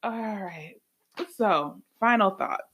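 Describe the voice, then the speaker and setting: A woman's voice: mid-range voice, slow pace, a bit bright, slightly rough, dry recording. A woman hosting a faith-based podcast, talking emphatically and telling stories with animation. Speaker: podcast host.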